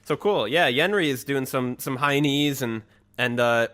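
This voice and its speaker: A man's voice: medium pitch, a bit bright. A man playing a tabletop game, joking and bantering with the table. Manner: jokey, quick banter. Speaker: player. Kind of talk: casual tabletop game chat.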